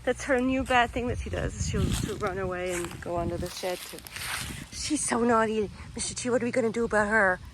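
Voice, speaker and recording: A woman talks casually to her phone camera while filming her cats, cooing at them and then lowering her voice. Her pitch sits in the middle range. Faint outdoor noise runs under her voice. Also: a little fast. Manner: chatty, coos at her cats, sometimes drops to a whisper. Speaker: vlogger. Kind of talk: casual vlog chat. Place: backyard outdoors, then indoors.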